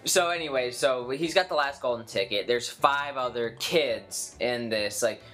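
A man's voice: mid-range voice, measured pace, a bit bright, faint music behind. A man hosting a casual chat, rambling and profane as he retells a story. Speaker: podcast host.

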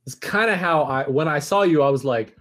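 A man's voice: on the high side, fairly quick, a bit bright, a little hiss or hum. A man hosting a casual podcast, tossing in playful jokes and asides.

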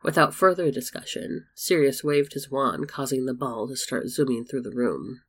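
Guy narrating a story, gravelly voice, calm even reading. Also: medium pitch, moderate pace. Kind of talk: storybook fan fiction reading.

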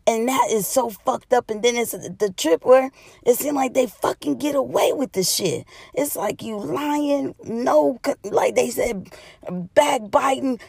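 A woman's voice: sits high, measured pace, gravelly, a little mellow, husky, no echo. A woman host rants into the mic, swearing constantly and hammering the same words again and again. The sound is dry and close, with no room around her voice. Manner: heavy cursing, emphatic and repetitive. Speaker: podcast host. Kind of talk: profane comedic rant.

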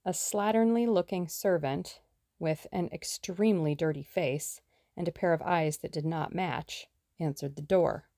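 A woman reading a novel aloud as an audiobook narrator, in a measured storytelling manner. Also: sits low, creaky, warm tone, no echo, studio quality.

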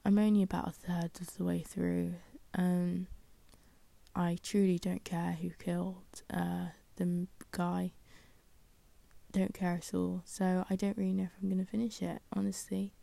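A woman's voice: on the low side, flat delivery, unhurried, gravelly, mellow, dry recording. A young woman hosting a solo podcast, chatting casually and rambling with many fillers and self-deprecating asides. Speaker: podcast host.

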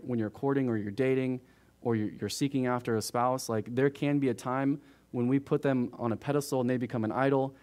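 A man teaches verse by verse through scripture in a relaxed, conversational way. His voice sits at a medium pitch, and he keeps turning to his listeners with quick asides. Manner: conversational, frequent "right?" asides to the room. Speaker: pastor. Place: church.

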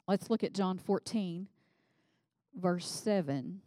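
A woman preaching a sermon in a conversational way, reading scripture and becoming animated as she voices the people in it. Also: on the low side, slow, dry recording. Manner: conversational, animated when voicing scripture figures.

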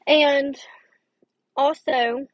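A woman's voice: sits high, steady tone, extremely slow, no room sound, muffled recording. A young woman hosting a casual advice podcast, rambling and tired with a dry throat. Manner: chatty, rambling, with fillers and restarts. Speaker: podcast host.

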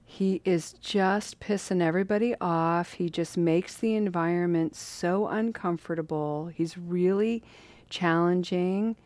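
A fed-up male advisor of a monastery, put on by a woman storyteller, complains in an unhurried, low voice. He pleads politely but with worn patience. The sound is dry and close. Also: a little mellow, no echo, close to an everyday voice. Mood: exasperated.

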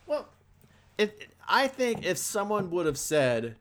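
A man's voice: on the high side, very animated, normal speed, fairly bright tone. A young man co-hosting a casual film podcast, hesitant and restarting his sentences, with a teasing streak. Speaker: podcast co-host.

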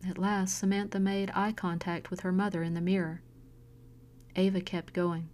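A woman narrating a short story in a quiet, measured scripted reading. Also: on the low side, little pitch movement.

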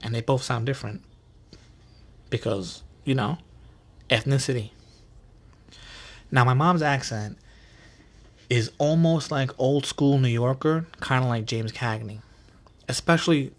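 Chatty New York podcast host, man. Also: medium pitch. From New York City, USA. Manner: chatty, profane, bro slang. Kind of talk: casual storytelling monologue.

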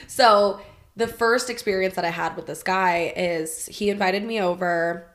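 A woman guest on a podcast, telling a candid personal story in casual chat, animated and full of "like" fillers and swearing. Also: fairly low pitch, measured pace.

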